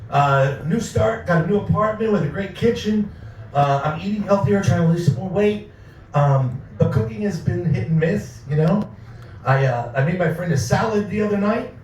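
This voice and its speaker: A male stand-up comedian with a wry, deadpan delivery and a high, lively voice. He performs on a club stage and is heard from a distance. The sound of the room rings with a clear echo. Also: slight background noise. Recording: echoey club sound from far off.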